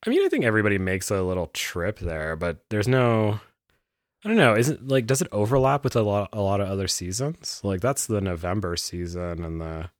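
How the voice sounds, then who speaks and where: A man's voice: lowish voice, big pitch swings, a little fast, no room sound, clean studio sound. A man co-hosting a podcast, rambling and laughing often as he chats casually. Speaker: podcast co-host. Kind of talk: casual chat.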